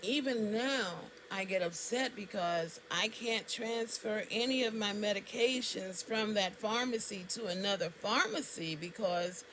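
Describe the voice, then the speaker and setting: A woman's voice: mid-range voice, measured pace, few pauses, fairly bright tone, slight background noise, rough recording. A woman tells a story to camera in a casual, indignant way, and her voice jumps up sharply on exclamations. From Alabama, US. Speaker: vlogger.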